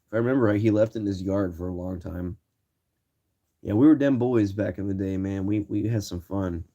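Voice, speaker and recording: A young man from Ohio, a streamer telling loose, profane stories to his viewers in casual chat and acting out shouted lines. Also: fairly low pitch, brisk, highs cut off. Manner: loose, swearing, acts out quoted shouts. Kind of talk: casual storytelling.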